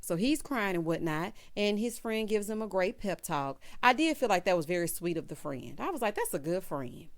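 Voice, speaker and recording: Sassy animated woman recapping TV. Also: mid-range voice, moderate pace, few pauses. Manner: sassy, animated, acts out quotes in voices. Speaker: reality TV recap host. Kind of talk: casual recap commentary.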